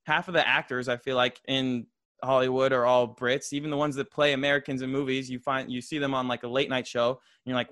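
A man's voice: mid-range voice, flat delivery, a little fast, fairly bright tone, clear, resonant tone, no echo, studio quality. A young man from Florida co-hosting a podcast, rambling with lots of fillers in casual chat. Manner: rambling, filler-heavy, laughs often. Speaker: podcast co-host.

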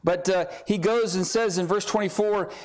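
A middle-aged man delivers a sermon in a fairly high voice. He tells the scripture story in a conversational, animated way and slips into quick voices for the people in it. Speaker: preacher.

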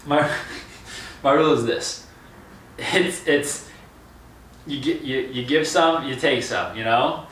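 A man's voice: medium pitch, slow, pauses often, a bit bright, slight background noise. A young man co-hosting a casual podcast chat, hesitant with many fillers and restarts. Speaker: podcast co-host. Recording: echoey room, far from mic.

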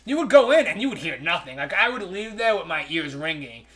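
Thirties male guest, high bright tone, loose rambling comic storyteller. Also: sing-song, brisk. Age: 30s. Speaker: podcast guest. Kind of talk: casual podcast chat.

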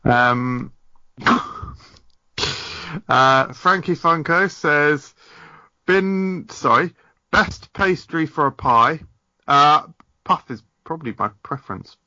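A man's voice: fairly high pitch, expressive, takes it slowly, long pauses, bright, forceful tone, dry recording, muffled recording. A man hosting a casual podcast, reading listener comments aloud with lots of fillers and giggles.

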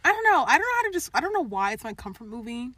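A young woman co-hosting a podcast, chatting casually and animatedly, rambling and quick to laugh. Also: high-pitched, sing-song, bright, forceful tone, dry recording. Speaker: podcast co-host. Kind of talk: casual chat.

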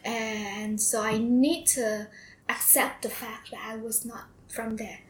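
A young woman with a Vietnamese accent telling stories as a guest, laughing often and pausing on ums. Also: fairly high pitch, little pitch movement, a little hiss or hum. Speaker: guest, former foreign student. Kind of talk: casual storytelling interview. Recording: echoey room with faint ambience.

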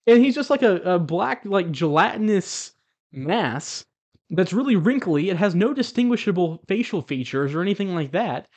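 A man's voice: sits high, normal speed. A man telling the story of a dream as a spiritual testimony to viewers, chuckling as he speaks and closing with preachy exhortation. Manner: animated, chuckles as he tells it. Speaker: Christian video blogger.

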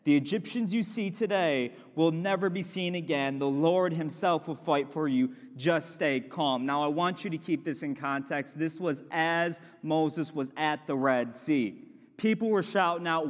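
A man's voice: on the high side, expressive, moderate pace. A young man preaching a sermon with earnest personal testimony, building to emphatic points. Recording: long hall reverb.

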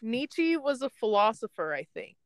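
A woman's voice: on the high side, very animated, normal speed, poor audio. A young woman hosting a podcast, telling a story in a casual, rambling way and laughing often. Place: in a parked car.

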